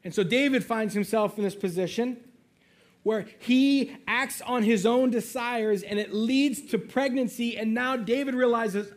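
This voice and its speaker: A man's voice: extremely high pitch, a little slow. A pastor giving a sermon in a casual, conversational way, with frequent asides to his listeners.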